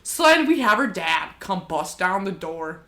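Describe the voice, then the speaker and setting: Bright, animated young woman telling stories. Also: on the low side, a little slow. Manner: animated storyteller, swears freely, acts out quotes loudly. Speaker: podcast co-host. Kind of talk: casual chat.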